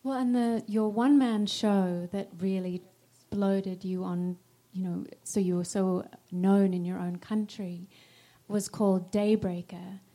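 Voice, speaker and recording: A woman's voice: medium pitch, fairly even intonation, a little slow, warm tone. A woman interviewing a guest in a live on-stage conversation, asking questions in a conversational way.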